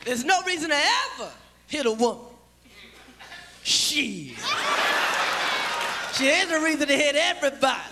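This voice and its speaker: Loud high-voiced stand-up comic man. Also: sing-song, unhurried, gravelly, long pauses. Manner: loud, profane, shouting punchlines. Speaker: stand-up comedian. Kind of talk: stand-up comedy routine. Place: live comedy venue with audience. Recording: loud crowd and noisy live recording. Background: crowd laughing.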